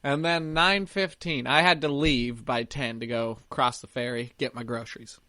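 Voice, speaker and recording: A man's voice: medium pitch, steady tone, normal speed, pushed and bright. A young man co-hosting a podcast, telling rambling stories and laughing at his own jokes, recording from his camper. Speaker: podcast co-host. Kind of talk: casual chat.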